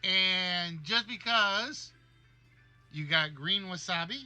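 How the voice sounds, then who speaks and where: Jokey male livestream game host with a high, very bright voice. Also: takes it slowly, soft background music. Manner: jokey, reads guesses aloud. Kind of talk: livestream game show hosting.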